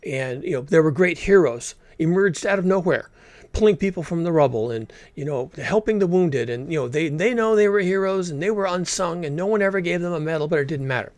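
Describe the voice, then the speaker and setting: A man's voice: fairly high pitch, expressive, brisk, dry recording. A man commentating on a recorded talk in a blunt, emphatic way, swearing freely. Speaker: reaction video commentator.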